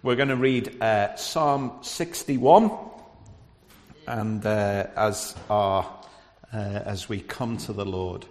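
A man's voice: fairly low pitch, takes it slowly. A middle-aged man with a Scouse accent from Liverpool, a visiting preacher chatting to the congregation with frequent hesitations, then reading scripture. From Liverpool, England. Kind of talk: church service address. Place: church. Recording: reverberant church hall.

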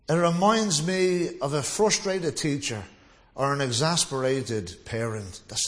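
Conversational preacher in a reverberant hall. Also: male voice, a little high, a little slow. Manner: conversational, anecdotal, acts out quoted voices. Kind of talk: sermon. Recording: long reverb of a large hall.

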